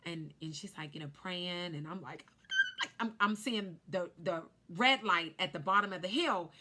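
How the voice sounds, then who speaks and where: A woman in her thirties, a life insurance agent, telling a personal story in an animated way on a vlog. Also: lowish voice, moderate pace. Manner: animated storyteller who acts out quotes.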